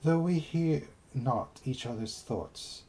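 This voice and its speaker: A man reading aloud as a formal insect-tribe elder in a video game, using a put-on British accent and a slow, stately delivery. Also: mid-range voice, a little mellow, soft background music, voice pushed up, rough recording. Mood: solemn.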